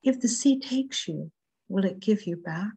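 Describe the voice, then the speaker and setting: A woman reading her own poems over a video call in a slow, measured way. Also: mid-range voice, expressive, slightly rough. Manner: slow, measured, softly rising and falling reading. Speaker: poet reading her work.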